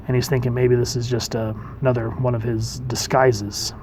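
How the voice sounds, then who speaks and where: A man, a dad, casually reviewing an old comic book and reading panels aloud in a chatty, relaxed way. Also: medium pitch, moderate pace, slight background noise.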